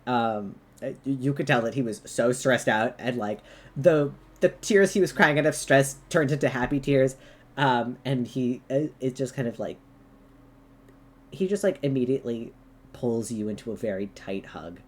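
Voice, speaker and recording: A woman's voice: very deep voice, normal speed, darkish tone. A woman narrating as game master, rambling with many fillers.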